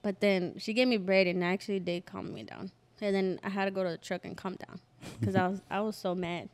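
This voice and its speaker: A woman's voice: mid-range voice, steady tone, a little fast. A young woman hosting a podcast, telling a story in casual chat, acting out the quotes and swearing freely. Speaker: podcast host.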